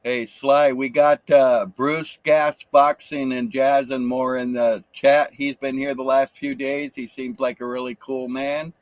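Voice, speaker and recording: A man's voice: medium pitch, flat delivery, measured pace, few pauses, dry recording. A man hosting a casual livestream, easygoing and agreeable, chiming in with short replies. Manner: easygoing, agreeable, laughs often. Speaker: livestream host.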